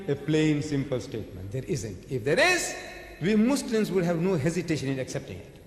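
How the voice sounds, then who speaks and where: A man giving an emphatic religious lecture to an audience, asking rhetorical questions and answering them himself. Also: high voice. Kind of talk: sermon-style religious lecture. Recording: echoey hall recording.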